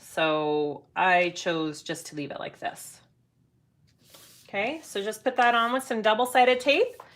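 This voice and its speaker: A woman's voice: on the high side, pushed and bright. A woman hosting a live sewing demonstration, chatty as she explains each step and greets viewers. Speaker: sewing tutorial host.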